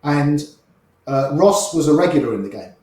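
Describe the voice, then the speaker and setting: A man's voice: fairly high pitch, animated, normal speed, darkish tone, heavy reverb, low-quality recording. A middle-aged man telling chatty, wry anecdotes as a guest in an interview, often repeating himself mid-story. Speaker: interview guest, poker player.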